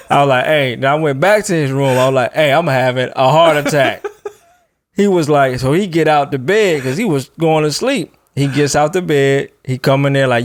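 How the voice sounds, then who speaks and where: A man's voice: fairly high pitch, moderate pace, no echo, studio quality. A man casually telling a long personal story on a podcast, loose and laughing as he goes. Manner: laid-back, laughs while telling a story. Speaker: podcast co-host.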